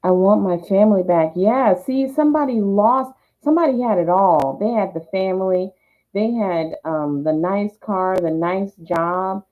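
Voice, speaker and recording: A woman's voice: medium pitch, measured pace. A woman reading tarot, voicing the cards' messages in first person and then explaining them. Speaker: tarot reader. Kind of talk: channeling tarot card messages. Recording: tinny phone-like sound.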